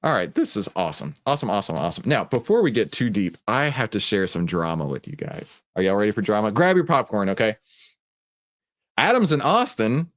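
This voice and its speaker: A man with a Texan accent hosts a live stream in a low-leaning, very animated voice at a fairly quick clip. Laid-back and jokey, he greets chat viewers individually by name.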